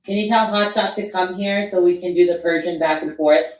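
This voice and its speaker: Mulher franca e brincalhona, fala casual com palavrões, voz um pouco grave, gravação com eco de sala. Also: female voice, fairly low pitch, steady tone, brisk, reverberant, highs cut off. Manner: blunt, profane, joking. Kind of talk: casual live chat.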